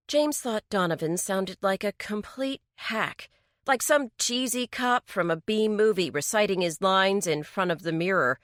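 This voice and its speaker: A woman narrating a mystery story in a slow, even storytelling delivery. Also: mid-range voice, dry recording, studio quality. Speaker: audiobook narrator. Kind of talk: scripted narration.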